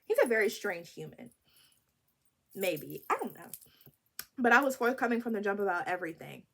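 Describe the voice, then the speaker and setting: A woman in her twenties telling a story to camera in a casual, animated and wry vlog style. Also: mid-range voice, moderate pace, vocal fry. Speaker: vlogger.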